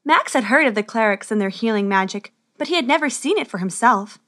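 A woman narrating a children's storybook in a lively, expressive reading. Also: on the high side, a little fast.

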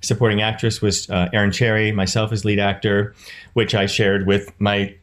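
A man's voice: lowish voice, normal speed. A middle-aged man, an actor and producer, telling stories as an interview guest and acting out the people he quotes. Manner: animated, acts out quoted voices with laughs. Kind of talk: casual interview storytelling.

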